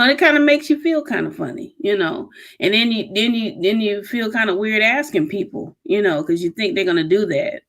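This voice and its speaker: A woman's voice: medium pitch, a bit bright. A woman with a Detroit accent hosting her own podcast, chatting casually on a live Q&A stream, telling rambling stories with laughs and asides. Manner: chatty, storytelling, laughs and drifts off-topic. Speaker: podcast host.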